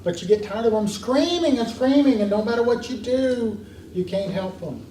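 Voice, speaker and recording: A man's voice: high voice, expressive, moderate pace, mellow. Man teaching a parenting class, echoey. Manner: earnest, storytelling teaching with emphatic stresses. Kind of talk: classroom lecture. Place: church meeting room. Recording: echoey room from far off, faint hiss.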